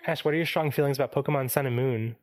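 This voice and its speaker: A podcast host in casual chat, mid-pitched, recorded very dry and close with no room sound. The talk rambles through quick tangents, filled with "like" and restarts. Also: darkish tone, dry recording.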